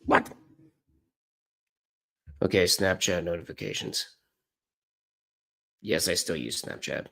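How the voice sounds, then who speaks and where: A man's voice: sits low, takes it slowly, creaky, pauses often, a bit bright. A man streaming college basketball, talking off the cuff in a loose, rambling way. He keeps correcting himself mid-sentence and jokes at his own expense. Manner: rambling, self-correcting, self-deprecating. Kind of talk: casual live-stream commentary.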